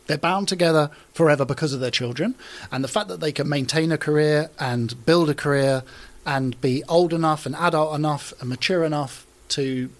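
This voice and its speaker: A man's voice: fairly high pitch, normal speed. Chatty man telling stories. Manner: chatty anecdotal storyteller with many fillers. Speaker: TV presenter guest. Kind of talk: casual interview storytelling.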